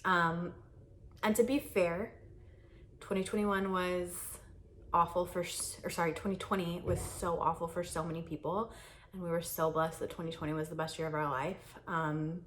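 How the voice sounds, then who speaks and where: A woman's voice: on the low side, steady tone, moderate pace, slight background noise. A young woman vlogger chatting candidly to a camera on a tripod in a carpeted guest room, rambling with many fillers and laughs. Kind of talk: casual chat to camera.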